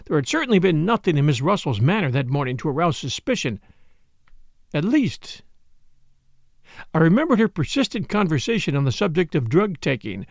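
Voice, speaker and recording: A man narrates an audiobook in a measured, dryly ironic first-person telling. His voice is somewhat high for a man and has a gravelly edge, with a lively, varied pitch. The dry, close recording has no room sound. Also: no room sound. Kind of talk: scripted narration.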